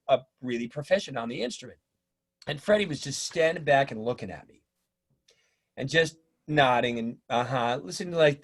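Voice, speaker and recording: A middle-aged man telling stories in a casual interview, animated and acting out the voices of people he quotes. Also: fairly high pitch. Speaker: drummer and teacher, interview guest.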